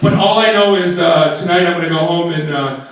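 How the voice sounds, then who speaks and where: A man telling a funny story on stage, animated and often laughing, acting out his own panic. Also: brisk. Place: live venue with audience. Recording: booming echoey hall from far off with audience.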